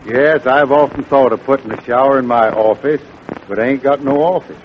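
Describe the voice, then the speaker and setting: A man's voice: mid-range voice, a little fast. A man, a comedian hosting a 1940s radio comedy show, drawling in a folksy, homespun way. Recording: muffled old radio broadcast with faint hiss.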